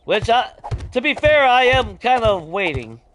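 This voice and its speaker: A gaming streamer with a very high male voice talks unhurriedly as he plays, with a little hiss or hum in the audio. He rants casually and animatedly, swearing heavily and laughing along the way.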